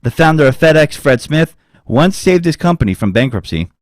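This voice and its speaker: A man's voice: on the high side, sing-song, brisk. A man hosting a casual podcast, rambling and cursing freely as he tells stories. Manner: rambling, swears freely, does mocking voices. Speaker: podcast host.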